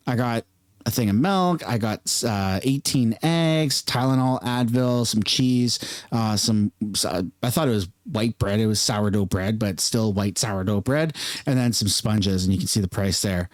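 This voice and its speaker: A man's voice: fairly low pitch, a little slow, no echo. A man in his thirties from Canada, speaking in a chatty, earnest, openly emotional vlog commentary. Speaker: YouTube commentator.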